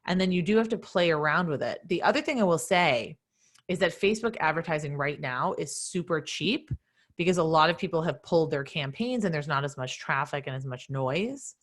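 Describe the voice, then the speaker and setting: A middle-aged woman answering questions in live online office hours, direct and energetic like a coach. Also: low voice, brisk. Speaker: nonprofit fundraising consultant.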